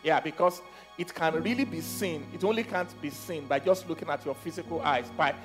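A pastor preaches a sermon over music in a brisk, rather high voice. He repeats phrases, leads the congregation in call-and-response declarations, and swings from soft teaching to loud exhortation.

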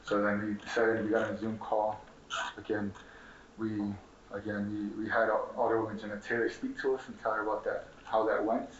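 A man's voice: on the low side, flat delivery, fairly quick, slight background noise. A young man of Mexican heritage from Chicago, giving a passionate, profane speech as a community organizer at a conference, repeating himself and asking the audience questions. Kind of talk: impassioned activist speech. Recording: distant, roomy, dull room recording.

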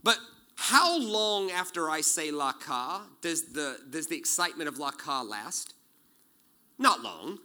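A man in his forties preaching a sermon, animated and joking, acting out quotes as he tells stories. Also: a little high, unhurried. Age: 40s. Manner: animated storytelling with jokes and acted-out quotes. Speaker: pastor.

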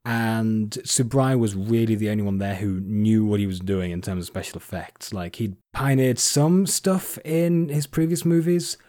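Low-voiced man explaining on a podcast. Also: fairly even intonation, moderate pace, few pauses, dark tone, dry recording, clean studio sound. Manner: rambling, many fillers and restarts. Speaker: podcast host. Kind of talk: casual chat.

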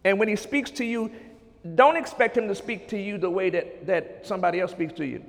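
High gravelly preacher in a reverberant hall. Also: male voice, brisk. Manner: fervent, repeats phrases, swings from loud to hushed. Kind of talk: sermon with scripture reading.

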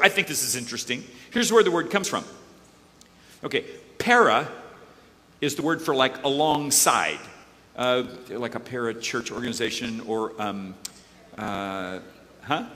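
A man preaching a lively sermon, joking with the crowd and calling on volunteers. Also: fairly high pitch, normal speed. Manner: animated, joking, calls on volunteers. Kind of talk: lively sermon with audience participation. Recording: echoey hall.

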